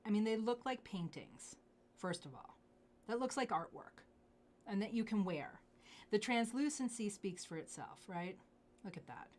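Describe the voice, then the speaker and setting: A woman hosting a live jewelry sales show, gushing over pieces and dropping into hushed asides. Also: medium pitch, expressive, moderate pace, slight background noise. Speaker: jewelry live-stream host.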